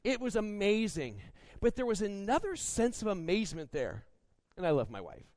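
A man preaching a sermon, telling a lively personal story in a chatty, animated way with frequent restarts. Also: sits high, normal speed, no room sound. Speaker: pastor.

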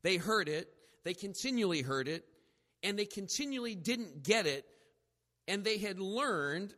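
A man preaching a sermon, animated and joking at his own expense, slipping into quoted voices. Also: high voice, in a large hall. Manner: animated, acts out quoted voices, self-deprecating jokes. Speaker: pastor.

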